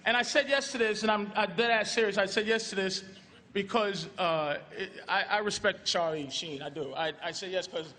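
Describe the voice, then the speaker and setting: A man's voice: high-pitched, normal speed, sharp tone. A man giving a profane, stammering stand-up roast set on a stage before a live audience. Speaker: roast comedian. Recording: large reverberant hall with crowd noise.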